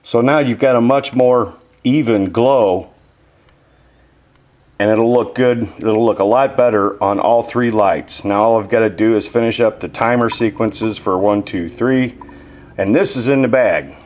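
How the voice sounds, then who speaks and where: A man's voice: lowish voice, unhurried, darkish tone. A man chatting casually while he explains his model-building work, self-deprecating and explanatory. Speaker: model maker. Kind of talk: casual workshop narration.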